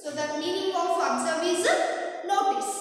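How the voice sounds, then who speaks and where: A woman with a Kannada accent teaching an English vocabulary lesson, explaining slowly and patiently, repeating words and spelling them letter by letter, and switching into Kannada. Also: very high-pitched, fairly even intonation. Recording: echoey classroom, voice from far off.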